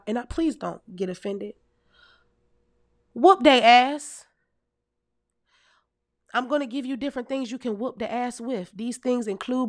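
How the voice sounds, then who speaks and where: A woman in her thirties telling comic stories to her audience in a casual, animated, heavily profane way, laughing often as a podcast host. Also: medium pitch, no echo. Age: 30s. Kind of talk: casual comedic storytelling.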